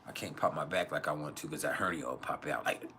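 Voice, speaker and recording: A man's voice: a bass voice, quick pace, bright, forceful tone, a little hiss or hum. A man hosting an astrology livestream Q&A from home, talking in loose, profane, rambling rants with laughs. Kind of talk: casual livestream chat and Q&A.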